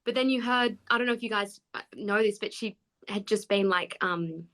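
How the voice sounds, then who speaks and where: Aussie woman in her 20s, bright voice, chatty and animated, laughs a lot. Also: mid-range voice, normal speed. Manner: animated storyteller, laughs often. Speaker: guest actor. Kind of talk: casual podcast chat.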